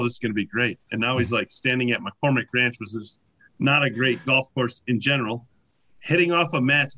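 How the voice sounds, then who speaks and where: A man spins funny anecdotes in a relaxed chat, his voice bright and forward. He talks in loose, animated bursts, padded with fillers and restarts. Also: medium pitch. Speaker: podcast guest. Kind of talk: casual storytelling.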